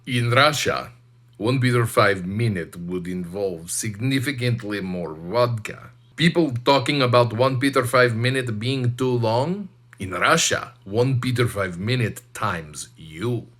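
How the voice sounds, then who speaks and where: Guy doing a fake russian accent, deadpan, clipped broken english jokes, middle-pitched. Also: a little slow. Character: man joking in a mock Russian accent.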